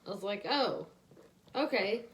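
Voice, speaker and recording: A woman's voice: medium pitch, lively intonation, unhurried. Tired laughing woman, casual chat. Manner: loose, laughing storyteller. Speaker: co-host.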